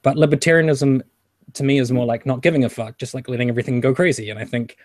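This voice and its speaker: A man's voice: medium pitch, quick pace, a little mellow, no room sound, clean studio sound. A man in a casual online debate, talking loosely with lots of swearing and filler words over a voice call. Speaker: channel host discussing feminism.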